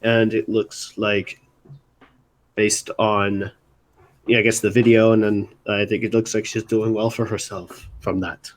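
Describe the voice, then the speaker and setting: Young guy from baltimore rambling about music, kinda low voice, lots of restarts. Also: level tone. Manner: rambling, halting, many restarts. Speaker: music segment host. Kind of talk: casual live stream chat.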